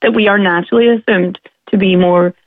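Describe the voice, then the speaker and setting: A woman's voice: medium pitch, steady tone, a little fast, no room sound. A woman from Derry with a Northern Irish accent, calling in to a radio show and speaking forthrightly and earnestly. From Derry, Northern Ireland. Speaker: caller. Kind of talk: radio phone-in chat. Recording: tinny phone line.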